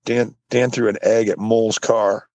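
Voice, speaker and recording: A man co-hosting a casual podcast, telling stories with swearing and voicing other people in loud, high bursts. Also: moderate pace, no echo. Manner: swearing, animated, jumps high when quoting people. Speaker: podcast co-host. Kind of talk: casual chat, storytelling.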